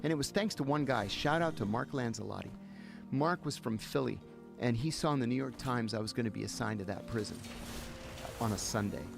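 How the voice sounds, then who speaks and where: A man's voice: mid-range voice, a little fast, gravelly. A man, a podcast guest, telling a story in casual talk and acting out the dialogue. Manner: animated, acts out dialogue. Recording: music playing behind.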